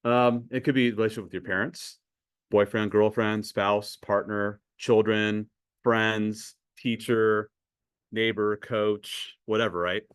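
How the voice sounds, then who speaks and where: A man's voice: fairly low pitch, flat delivery, measured pace, smooth, dry recording, studio quality. A man teaching a math class in a conversational way, asking students questions and often repeating words. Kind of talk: classroom lecture.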